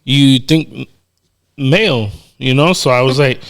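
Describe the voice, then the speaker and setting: A man co-hosting a podcast in casual chat, relaxed and teasing as he tells stories. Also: medium pitch, a little slow, creaky. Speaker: podcast co-host.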